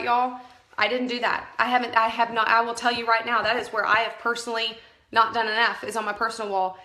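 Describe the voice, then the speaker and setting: A direct sales team leader coaches her team on a live stream via phone camera, chatty and emphatic, often correcting herself mid-sentence. Her voice is fairly high, pushed and bright, in an echoey room.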